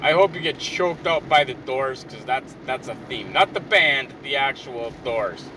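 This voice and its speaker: A man's voice: medium pitch, lively intonation, unhurried. A man ranting in a frustrated, profane and rambling way while driving and parking his car. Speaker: vlogger. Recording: distant mic with clear car road noise.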